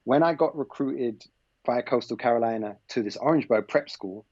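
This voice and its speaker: A man in his thirties with an English accent, a podcast guest telling a story in a relaxed, rambling way and acting out the dialogue. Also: mid-range voice, normal speed, dry recording, muffled recording. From England. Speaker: podcast guest, former basketball player. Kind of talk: casual anecdotal storytelling.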